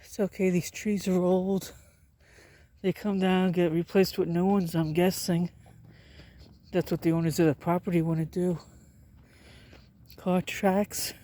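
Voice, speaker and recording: A man's voice: high-pitched, flat delivery, a little slow, pauses often, warm tone. A man filming a country walk on his phone, breathing hard as he walks and muttering offhand remarks. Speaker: vlogger. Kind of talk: casual walking vlog narration. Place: outdoors on a country road. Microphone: phone held while walking.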